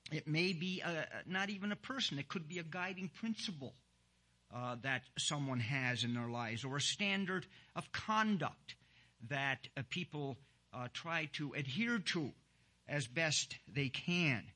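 A man preaching a sermon and leading prayer, halting and earnest, with many "uh" fillers and slow emphasis on key words. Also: a little high, expressive, bright, forceful tone. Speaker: pastor.

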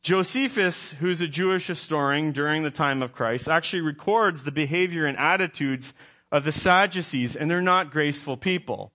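A man's voice: fairly high pitch, moderate pace, sharp tone. A man preaching a sermon as pastor, emphatic, quizzing his congregation and correcting himself as he goes.

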